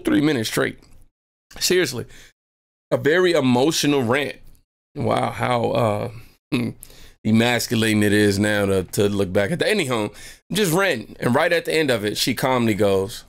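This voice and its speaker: A man hosting his own channel, telling a personal story in a lively, slangy way and often jumping into high voices to quote people. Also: vocal fry. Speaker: channel host. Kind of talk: storytime vlog.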